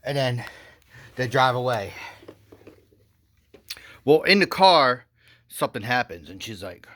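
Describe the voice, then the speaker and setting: A man telling a rambling satirical comedy story with goofy, deadpan asides. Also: mid-range voice, slow, long pauses.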